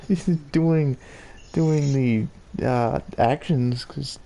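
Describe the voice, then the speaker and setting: A man's voice: mid-range voice, extremely slow, warm tone. A young man in casual chat who chimes in hesitantly and often trails off mid-thought. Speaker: co-host.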